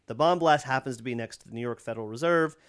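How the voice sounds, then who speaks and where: A man's voice: medium pitch, quick pace, a bit bright. A man co-hosting a podcast, casually recapping a movie plot with laughs and the odd swear word. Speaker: podcast co-host. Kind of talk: casual chat recapping a film.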